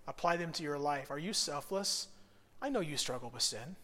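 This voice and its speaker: A pastor delivers a sermon in a high, bright-edged voice. He moves from quiet, earnest passages to loud, emphatic bursts. His voice rings with a long reverb in a church sanctuary. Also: lively intonation, normal speed. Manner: conversational, swings from hushed earnestness to loud bursts.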